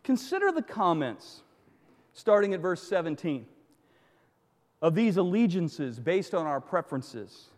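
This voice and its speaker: Male pastor, high-pitched and animated, sermon with joking stories, hall echo. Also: a little slow, pauses often. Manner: animated storytelling with joking asides.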